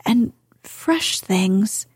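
A woman voicing a sickly but delighted young boy in a storybook, speaking in a soft whisper. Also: medium pitch, lively intonation, very slow, husky, dry recording, studio quality, heavily acted. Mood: wondering.

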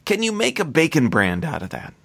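A man's voice: a little high, huge pitch swings, fairly quick, creaky, fairly bright tone, dry recording, clean studio sound. A male podcast host who asks long, rambling questions full of fillers and jokes. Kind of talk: casual podcast conversation.

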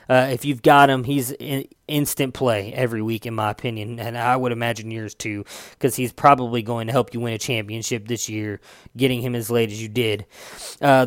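A man's voice: medium pitch, smooth, no echo, studio quality. A man giving a loose, chatty solo recap of fantasy football results, swearing now and then and correcting himself as he goes.

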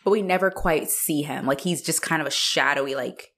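Low-voiced playful woman. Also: a little fast, a bit bright. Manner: playful, jokey, uses lots of likes. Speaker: podcast co-host. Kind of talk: casual chat recapping a film.

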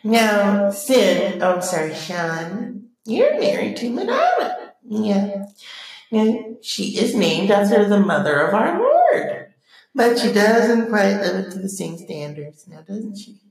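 A man voicing a prim, judgmental older church lady who hosts a talk segment, in a high, prissy, sanctimonious voice. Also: huge pitch swings, slow pace, vocal fry, heavy reverb, far from the mic, exaggerated voice, rough recording.

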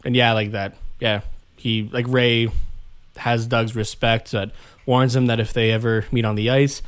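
A young man co-hosting a podcast, chatting casually and retelling scenes with animated laughs. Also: mid-range voice, a little slow, clear, resonant tone. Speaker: podcast co-host. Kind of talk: casual chat.

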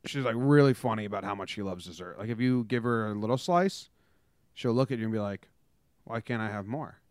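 A man's voice: lowish voice, lively intonation, fast, a little mellow, smooth, dry recording, studio quality. A man hosting a casual podcast, joking loosely and chatting through a sports update. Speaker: podcast host.

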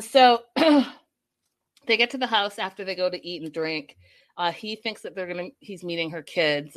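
Chatty woman recapping a show live. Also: lowish voice. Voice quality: chatty, animated storytelling with quoted voices. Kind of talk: casual recap chat with viewers.

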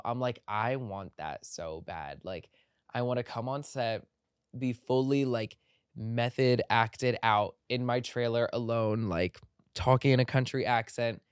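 A low-middle voiced podcast host chatting in a studio. The talk rambles playfully, packed with "like" fillers. The sound is dry and close. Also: smooth, no room sound. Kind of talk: casual chat.

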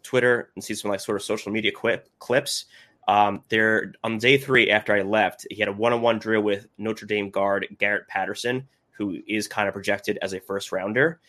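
A man with a fairly low voice joins a casual sports podcast as a guest. He talks in a chatty way and goes into detail as he explains his analysis of each player. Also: fairly even intonation, normal speed, a bit bright.

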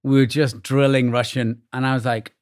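A man's voice: medium pitch, normal speed. A man from Wales with a Welsh accent, a guest actor telling casual anecdotes and acting out bits of dialogue. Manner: animated anecdotes, acts out quoted exchanges. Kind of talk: casual conversational storytelling.

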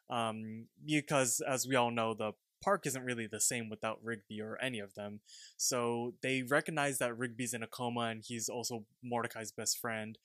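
A man's voice: medium pitch, fairly bright tone, no room sound. Casual man chatting in a dry close sound. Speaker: podcast co-host. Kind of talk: episode recap and casual commentary.

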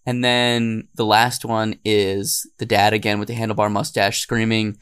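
A man co-hosting a podcast, chatting casually and getting loud when he acts out meme quotes. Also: fairly low pitch, flat delivery, measured pace, few pauses, clean tone. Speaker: podcast co-host.

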